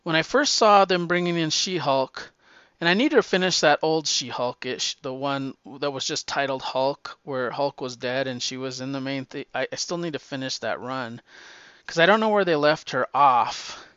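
A man's voice: mid-range voice, moderate pace, a bit bright, smooth, no echo, dull audio. A man hosting a comics podcast in casual chat, enthusiastic and rambling, swearing freely and restarting often.

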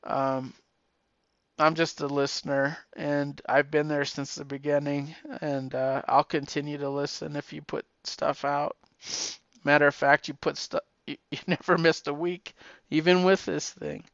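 A middle-aged man and podcaster giving a heartfelt, emotional message, halting and repeating his words, tearful at times. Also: a little high, flat delivery, gravelly, a bit bright, no echo, muffled recording.

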